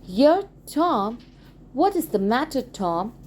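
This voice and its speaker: An anxious young brother in a storybook pleads and fusses with urgency, as a woman reader puts him on. She lifts her voice higher for him and keeps it lively and worried. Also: slow, slight background noise.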